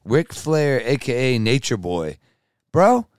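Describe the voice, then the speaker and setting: A man talks slowly but with a lively, swinging pitch, hyping his point with drawn-out emphasis. His voice is smooth and close on a dry mic. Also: dry recording. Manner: animated, hyped, drawn-out emphasis. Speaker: podcast co-host. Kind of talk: casual chat.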